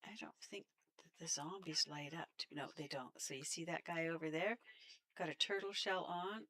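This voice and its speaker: Canadian woman streamer, low and gravelly, chatty commentary, laughs a lot. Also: animated, moderate pace, fairly bright tone. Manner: chatty, laughs often, talks to enemies. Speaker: game streamer. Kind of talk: casual gameplay commentary.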